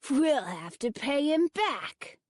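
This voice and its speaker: A woman's voice: sits high, big pitch swings, takes it slowly, dry recording, clean studio sound, pitched above the performer's own voice, full character voice. A woman voicing a gleeful, scoffing young troublemaker in a storybook audiobook. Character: mischievous boy, gleeful troublemaker.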